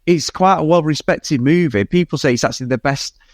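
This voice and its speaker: A man's voice: on the high side, dry recording, studio quality. A man co-hosting a film podcast, chatting casually with jokes, asides and swearing. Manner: swearing, joking, quick asides. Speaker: podcast co-host. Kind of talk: casual film-review chat.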